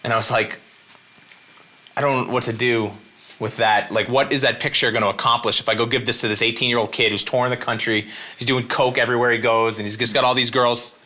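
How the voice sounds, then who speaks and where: A man's voice: mid-range voice, level tone, fast, pushed and bright. A male comedian telling a comic story as an interview guest, acting out other people's lines as he goes.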